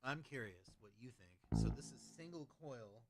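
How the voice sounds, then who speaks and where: A man's voice: medium pitch, wildly swooping pitch, normal speed, noisy background. A man hosting a casual livestream who chats loosely and reads out questions from his chat. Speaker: livestream host answering chat.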